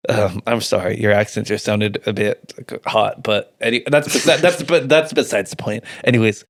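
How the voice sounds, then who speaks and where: A man's voice: on the low side, fairly even intonation, normal speed, no room sound, studio quality, close to an everyday voice. A man playing a young adventurer lost after a portal accident, rambling and stumbling over his words. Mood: flustered. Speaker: player character.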